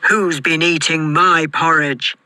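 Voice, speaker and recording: A reader voicing a great big father bear in a storybook, with a gruff, growling manner. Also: medium pitch, fairly even intonation, slow pace, pushed and bright, no room sound.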